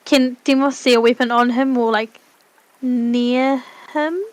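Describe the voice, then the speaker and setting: A woman's voice: a little high, steady tone, measured pace, no echo, rough recording. A woman playing a tabletop game, asking tentative, hedging questions. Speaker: player.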